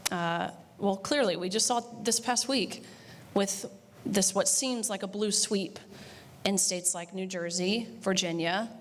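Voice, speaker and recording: A young woman in her twenties giving a banquet speech, conversational and blunt, with frequent filler words. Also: mid-range voice. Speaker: banquet speaker. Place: banquet hall. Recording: reverberant banquet hall.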